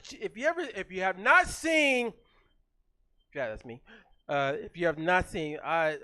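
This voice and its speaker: A man hosting a comedy show on a theater stage, loud and hyped, working the crowd with animated banter into a stage mic. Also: sits high, dry recording.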